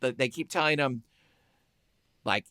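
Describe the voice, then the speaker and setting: A man's voice: mid-range voice, a little slow, no echo. Man in casual film chat, close and dry. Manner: animated storyteller who acts out quotes.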